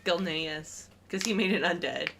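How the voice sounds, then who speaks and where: A woman's voice: fairly low pitch, normal speed, gravelly, a bit bright, slight background noise. A woman co-hosting a game stream, chatting casually and telling stories with frequent giggles. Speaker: gaming streamer co-host. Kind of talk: casual chat while playing a game.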